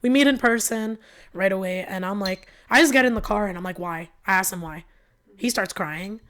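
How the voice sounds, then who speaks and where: A young woman, a podcast guest, telling a personal story with lots of fillers and quoted back-and-forth, emotional and animated. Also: medium pitch, moderate pace, a little hiss or hum. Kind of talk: candid storytelling.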